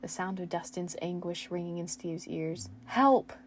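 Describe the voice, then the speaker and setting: A woman's voice: lowish voice, monotone, normal speed, a little mellow, slight background noise. A young woman reading her old fan fiction aloud at home, making self-mocking asides and laughing at her own writing.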